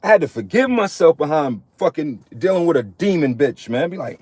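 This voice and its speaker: This religious vlogger, a man in his thirties, delivers a profane street-preaching monologue to other men, bluntly tagging many sentences with "man." His voice is slightly high and sing-song, a little fast, darkish in tone, in a dry recording.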